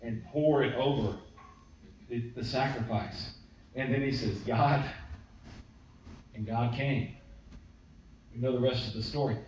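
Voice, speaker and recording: A man teaching a sermon in a relaxed storytelling way, acting out the lines he quotes. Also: medium pitch, unhurried, pauses often, a little hiss or hum. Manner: conversational storytelling, acts out quotes. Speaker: preacher. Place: church. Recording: distant mic, echoey church hall, dull.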